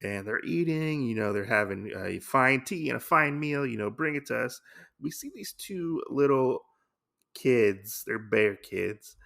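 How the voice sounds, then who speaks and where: A man casually recapping a comic story for his podcast. His voice is gravelly and bright, with a bit of fry. He rambles along loosely, with plenty of filler. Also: medium pitch, lively intonation, a little slow. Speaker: podcast host.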